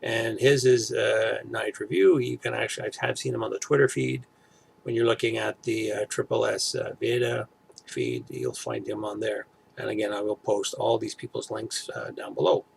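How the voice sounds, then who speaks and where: Gravelly middle-aged guy rambling. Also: fairly low pitch, slight background noise. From Toronto area, Canada. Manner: rambling, halting, many fillers and restarts. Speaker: vlogger. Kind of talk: casual chat to camera.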